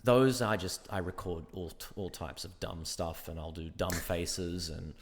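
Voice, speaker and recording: An Australian man, an actor, chatting as a guest in a casual interview and telling stories about himself with lively, self-mocking humor. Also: low voice, measured pace, background noise. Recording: echoey reverberant room.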